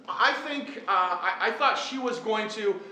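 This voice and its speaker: A middle-aged man speaks to a live audience, telling an earnest story with self-deprecating jokes. His voice sits a little high and sounds bright and forceful. The recording is roomy and echoey, with a faint hum in the background. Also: expressive, measured pace. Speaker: teacher and event speaker. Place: large echoey hall. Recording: echoey hall, faint room noise.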